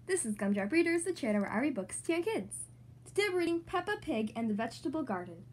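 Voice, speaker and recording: A woman's voice: high voice, big pitch swings, fast talker. A young woman reading a children's storybook aloud in an upbeat, sing-song way, as host of her channel. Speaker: children's book reader. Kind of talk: read-aloud storytelling for kids.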